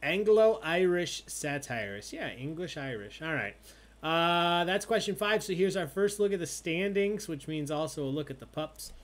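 A man hosting an online trivia night, announcing questions and scores in a loud, playful way. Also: on the high side, lively intonation, moderate pace. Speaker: trivia host.

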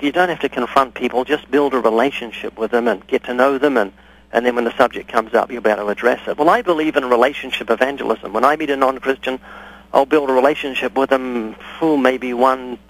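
A man's voice: mid-range voice, rough recording. A man speaking as a guest on a radio interview, explaining his views by telling stories and acting out both sides of conversations. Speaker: guest evangelist. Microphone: studio or phone radio interview.

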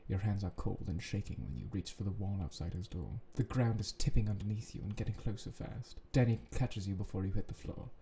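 A man reading a fan fiction story aloud who breaks into excitable yelling and groaning reactions. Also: fairly low pitch, a little fast, few pauses, a little hiss or hum. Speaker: story reader.

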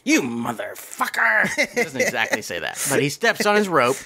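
A man co-hosting a casual movie review podcast who retells scenes animatedly and acts out the characters in quick voices. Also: fairly high pitch, wildly swooping pitch, gravelly, pushed and bright. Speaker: podcast co-host.

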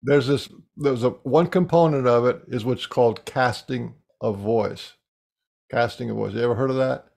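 A man's voice: medium pitch, normal speed, vocal fry. A man on a talk show, demonstrating something eagerly and restarting his sentences often. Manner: animated demonstrating with frequent restarts. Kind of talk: casual chat.

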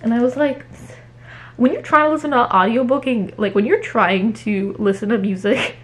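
A woman chatting casually at home in a haul vlog, talking fast with many fillers. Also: on the high side, fairly even intonation. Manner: chatty, fillers every few words. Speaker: book vlogger.

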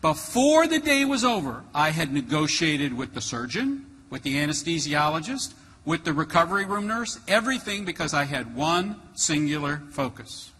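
A man's voice: a little high, normal speed, a little hiss or hum. A man in his fifties telling a story on stage as a motivational speaker, acting out the dialogue. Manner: animated, acts out dialogue with many voices. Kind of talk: keynote storytelling. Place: large conference hall. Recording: reverberant hall with faint ambience.

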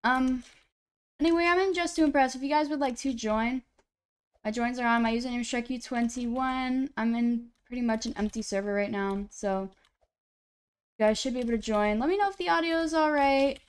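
Chatty woman streamer with a smooth, fairly high voice. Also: brisk. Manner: chatty, rambling, self-deprecating. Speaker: live-streamer. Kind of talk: casual gaming live-stream chat. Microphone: computer streaming mic.

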